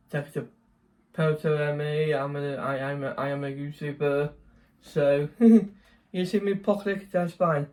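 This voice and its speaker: A young man chatting casually in a vlog, rambling, correcting himself and laughing often. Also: a little high. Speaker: vlogger.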